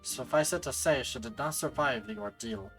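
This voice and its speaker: A man voicing an elderly, grieving household servant from a game, in a gravelly put-on voice with a Scottish accent, in a low, hushed storytelling tone. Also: animated, moderate pace, soft background music, low-quality recording. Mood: somber. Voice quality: gravelly gremlin voice. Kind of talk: reading game dialogue aloud.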